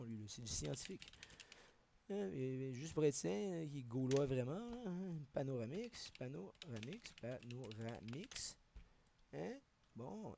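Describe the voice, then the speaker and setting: A man's voice: on the high side, creaky, warm tone, a little hiss or hum. A man live-streaming, talking in a rambling way, swearing and jumping between topics as he goes.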